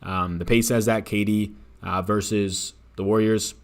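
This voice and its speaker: A man's voice: on the low side, steady tone, a little slow. A man hosting a live fantasy sports picks stream, talking casually and swearing freely.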